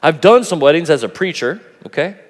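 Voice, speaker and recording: A man preaching a sermon at a youth conference, animated and playful, acting out voices as he goes. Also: a little high, fairly quick. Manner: animated, acts out quoted voices, laughs often. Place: large conference hall. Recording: long hall reverb.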